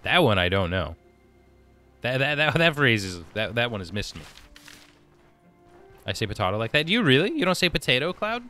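A man's voice: mid-range voice, sing-song, moderate pace, pauses often, pushed and bright, faint music behind. A man streaming a game, casually reading viewer comments aloud and chatting back. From United States. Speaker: gaming streamer reading chat. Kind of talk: casual live-stream chat while gaming.

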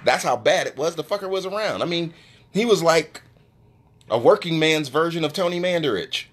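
Man, live-stream host, profane brash rant, lively swinging pitch, phone mic. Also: moderate pace. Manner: profane, brash trash talk, jumps to a high excited pitch.

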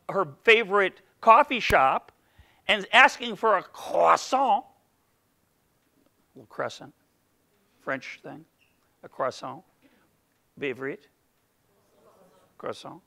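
A man's voice: sits high, bright, forceful tone. A middle-aged man giving an economics seminar lecture, playful and full of questions for the audience. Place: lecture room.

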